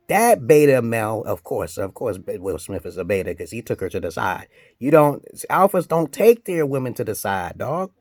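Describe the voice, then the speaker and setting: Man ranting with a wildly swinging pitch. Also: very animated, a little slow, no room sound, clean studio sound. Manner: profane, heated rant swinging from shouted outbursts to low mutters. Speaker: vlogger giving dating advice. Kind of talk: ranting commentary vlog.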